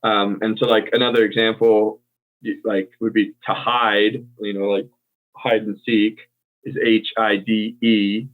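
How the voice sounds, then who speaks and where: A man's voice: on the low side, little pitch movement, measured pace. An American man explaining English usage in a casual teaching chat, hesitant and full of ums as he corrects himself. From United States. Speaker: co-host and English tutor. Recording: tinny phone-like call audio.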